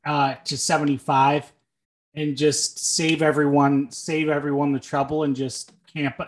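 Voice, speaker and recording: A man's voice: a little high, little pitch movement, measured pace. A young man co-hosting a podcast, making dry sarcastic jokes between thoughtful takes, with frequent ums and uhs. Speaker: podcast co-host. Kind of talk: casual sports and movie chat.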